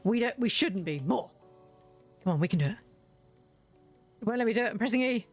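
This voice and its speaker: A woman's voice: a little high, lively intonation, brisk, slightly rough, faint music behind. A woman streaming a cozy game, chatting and giggling with playful drama while she plays. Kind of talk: live gameplay commentary.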